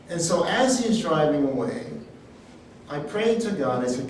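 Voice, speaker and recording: A man teaching a sermon, telling personal stories in a folksy, animated way. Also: on the high side, a little slow, a little hiss or hum. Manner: storytelling, animated, folksy asides. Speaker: healing ministry teacher. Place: church hall. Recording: echoey hall, speaker far from the mic.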